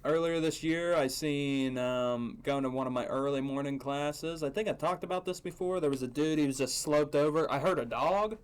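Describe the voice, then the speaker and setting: A man's voice: a little high, normal speed, hardly any pauses, smooth. Crude, laughing young male podcaster. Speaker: podcast co-host. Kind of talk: casual chat.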